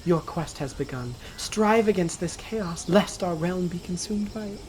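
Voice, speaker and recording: A man's voice: high voice, unhurried, darkish tone, a little hiss or hum, pitched above the performer's own voice, rough recording. A man voicing a solemn, grieving queen as he reads game text aloud in a stately, imploring tone.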